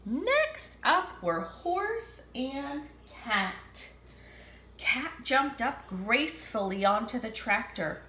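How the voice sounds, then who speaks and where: Expressive woman reading a picture book. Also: sits high, extremely slow, echoey room, a little hiss or hum. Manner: expressive, chatty asides. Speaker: storybook reader. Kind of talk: reading aloud to children.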